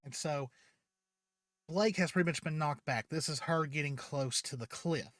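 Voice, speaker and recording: A man's voice: fairly high pitch, normal speed, fairly bright tone, no room sound, clean studio sound. A man hosting his channel, casually retelling a fan story with many fillers.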